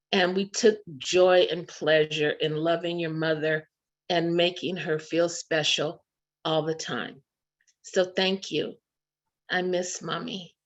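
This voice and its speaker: A woman giving a memorial tribute speech, telling fond anecdotes over a video call. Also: fairly low pitch. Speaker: memorial speaker. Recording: muffled video call audio.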